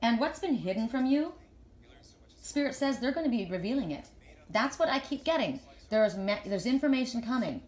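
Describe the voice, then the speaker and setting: A woman's voice: on the high side, sing-song, normal speed, a little mellow, echoey room. A woman speaking as a spiritual reader and healer in a casual live chat to her followers. She talks earnestly and rambles, often repeating words as she starts a sentence.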